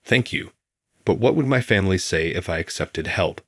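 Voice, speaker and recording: A man voicing a struggling young female coworker who speaks softly and apologetically. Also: low-pitched, animated, normal speed, breathy edge, dry recording, studio quality, heavily acted. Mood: tearful. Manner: apologetic, soft-spoken. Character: struggling young woman coworker, timid and tearful.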